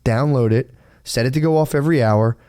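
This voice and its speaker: A man's voice: medium pitch, a little fast, dark tone, smooth. Rambling, profane male podcast co-host. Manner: rambling, swears freely, quotes himself in other voices. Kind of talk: casual podcast chat.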